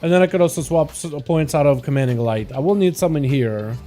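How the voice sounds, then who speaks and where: In this livestream, the male host talks through his game in an easygoing way and welcomes viewers by name. He speaks fast in an animated, high-leaning voice with a dark tone, while soft music plays in the background.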